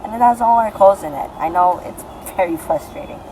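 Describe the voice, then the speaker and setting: A woman's voice: medium pitch, brisk, background noise. A woman vlogging casually while travelling, talking straight to her viewers with many fillers. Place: airport and airplane. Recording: loud music over the voice.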